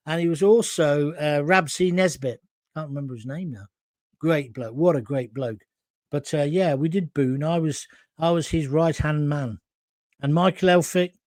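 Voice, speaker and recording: A man's voice: a little high, darkish tone, no echo, clean studio sound. A middle-aged man hosting a live talk show, chatting through viewer comments and wandering into anecdotes.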